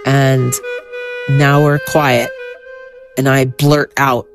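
Woman storyteller, middle-aged, low and measured, vivid anecdotal delivery. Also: faint music behind. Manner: vivid, animated retelling with quoted dialogue. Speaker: guest storyteller. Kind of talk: personal storytelling.

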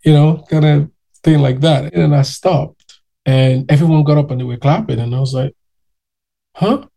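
A man telling anecdotes in a casual interview, animated and acting out the people he quotes. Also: a little high, normal speed, vocal fry. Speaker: interview guest.

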